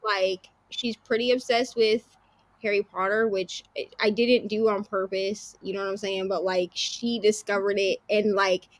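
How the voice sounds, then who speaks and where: A woman's voice: mid-range voice, normal speed, dry recording. A woman in her thirties chatting casually on a live reading stream. She tells stories with lots of "like" and acts out quoted lines. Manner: animated storyteller, acts out quotes, laughs easily. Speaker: livestream co-host.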